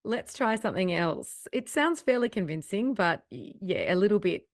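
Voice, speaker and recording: A woman trainer narrating a recorded software tutorial step by step at her desk microphone, upbeat and explanatory. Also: mid-range voice, sing-song, moderate pace, no echo, studio quality.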